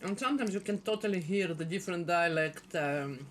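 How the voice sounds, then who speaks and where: A woman's voice: fairly low pitch, fairly quick, slight background noise. A woman with a Russian accent, a native Russian speaker, chatting casually at home while eating and often searching for words. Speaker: channel host. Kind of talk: casual mukbang chat. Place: home dining table.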